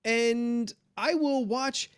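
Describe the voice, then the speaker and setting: A man's voice: very high voice, very slow, smooth, no room sound, clean studio sound. A man co-hosting a podcast, chatting casually in an easygoing, agreeable way. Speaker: podcast co-host. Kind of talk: casual chat.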